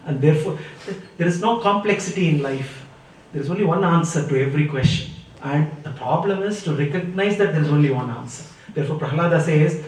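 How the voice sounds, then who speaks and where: Male teacher, somewhat high voice, devotional storytelling, roomy echo from a distant mic. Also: brisk, a little mellow. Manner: storytelling, chants verses. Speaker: spiritual teacher. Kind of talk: devotional scripture discourse. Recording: echoey room, mic far off.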